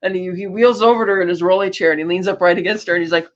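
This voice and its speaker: Talking a little fast, this podcast co-host retells film scenes in a casual movie-recap chat, voicing the characters' lines herself. She has a lowish voice, and the audio is dull.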